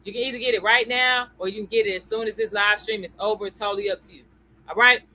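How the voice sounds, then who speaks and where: Bright-voiced woman teaching on a live stream. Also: medium pitch, fairly even intonation, fast talker, poor audio. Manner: chatty, greets viewers by name, tags lines with "okay?" and "y'all". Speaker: crypto educator hosting a live stream. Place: at home computer.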